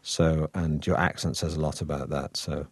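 A deep-voiced man from the north of England, his northern accent smoothed toward received pronunciation. He talks in a loose, wry, chatty way, full of ums and false starts. The sound is close and dry. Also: little pitch movement, normal speed, no echo. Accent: northern English, softened toward received pronunciation. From Manchester, England. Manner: chatty and wry, with frequent fillers and restarts. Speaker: actor guest. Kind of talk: relaxed conversational interview.

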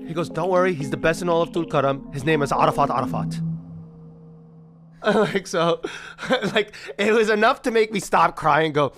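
A man in his thirties telling a personal story in the first person, animated and acting out the people in it. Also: fairly high pitch, moderate pace, soft background music. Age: 30s.

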